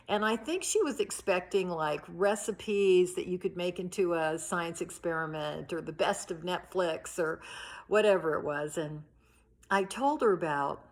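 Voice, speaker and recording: A middle-aged woman giving a heartfelt recorded address to teachers from her home, telling stories in an earnest way. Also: on the low side. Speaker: union leader addressing teachers.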